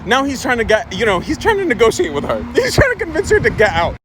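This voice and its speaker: A man's voice: extremely high pitch, wildly swooping pitch, fast, a bit bright, slight background noise. A young man from the Middle East telling a funny family story casually, laughing often.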